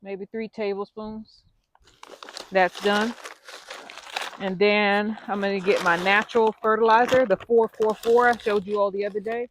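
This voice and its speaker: A woman's voice: medium pitch, level tone, a little slow, slight background noise. A woman vlogging casually while she works in her garden outdoors, chatty and self-deprecating, out of breath.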